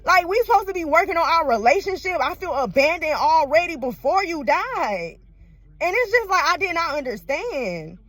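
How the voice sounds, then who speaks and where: Woman, high voice, blunt profane slang, laughing through tears. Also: big pitch swings, moderate pace, a bit bright, no echo. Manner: emotional, swings between laughing and crying. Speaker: vlogger. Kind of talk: casual personal vlog talk.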